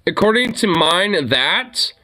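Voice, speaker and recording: Man, high and animated voice, profane rambling reaction streamer. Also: slow, slight background noise. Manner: profane, rambling rants with laughter. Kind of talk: casual reaction commentary.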